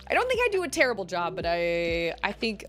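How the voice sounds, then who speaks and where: A woman's voice: lowish voice, wildly swooping pitch, a little fast, a bit bright, faint music behind. A woman in her thirties streaming a game, chatting casually, giggly and rambling. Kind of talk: casual chat while gaming.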